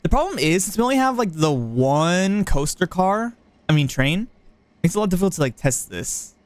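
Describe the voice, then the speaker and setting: Animated man streaming a game build. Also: sits high, normal speed. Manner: thinks aloud, chats with viewers, playful. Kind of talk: casual livestream chat while building.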